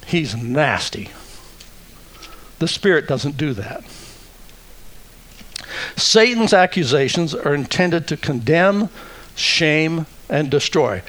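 A male pastor preaching a sermon, deliberate and emphatic, with wry asides. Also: on the high side, expressive, a bit bright.

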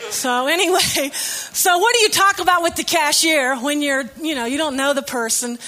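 A woman's voice: sits high, normal speed, sharp tone. A woman preaching a sermon in a conversational, storytelling way with light humor.

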